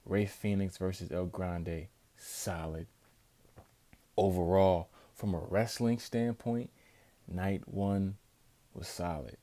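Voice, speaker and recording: A man reviewing a wrestling event in a casual vlog, telling it with excited emphasis. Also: sits low, slow pace. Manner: excitable, emphatic, animated storytelling.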